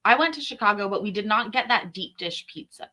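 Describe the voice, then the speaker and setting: Chatty bright-voiced woman host. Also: medium pitch, animated, a little fast. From Scotland. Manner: rambling, answers chat with many fillers. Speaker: streamer host. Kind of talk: casual chat reacting to viewer comments.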